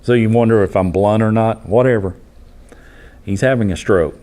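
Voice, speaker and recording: A man, an EMT instructor telling a case story to his class in a blunt, animated way. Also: lowish voice, moderate pace. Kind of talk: storytelling lecture.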